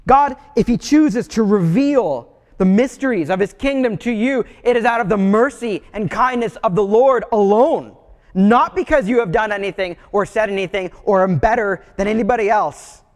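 A man with a notably high voice preaches a sermon, telling stories in a relaxed, conversational way. His voice rings out with a long reverb from a large hall. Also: moderate pace. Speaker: pastor.

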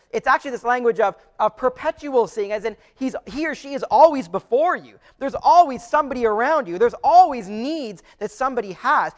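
A pastor preaching a sermon to his church, earnest and conversational, often restarting his phrases. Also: very high-pitched.

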